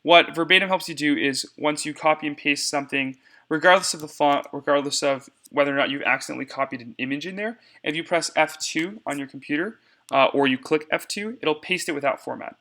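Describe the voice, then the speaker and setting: A man's voice: a little high, fairly quick, hardly any pauses, sharp tone. A young man giving a casual step-by-step screencast tutorial on cutting debate cards, talking to viewers as y'all.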